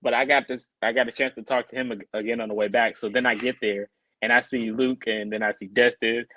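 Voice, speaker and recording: Lively man telling a story, dry sound. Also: medium pitch, fairly quick, no echo, poor audio. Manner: animated, acts out quoted people in a raised voice. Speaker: podcast co-host. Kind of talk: casual storytelling chat.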